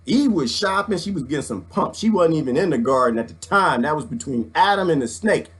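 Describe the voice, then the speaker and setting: A middle-aged man, ranting excitedly to his viewers, preaching and swinging his handheld mic as he talks. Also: on the high side, brisk. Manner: swings the mic around while talking. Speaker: vlogger. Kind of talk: excited casual rant.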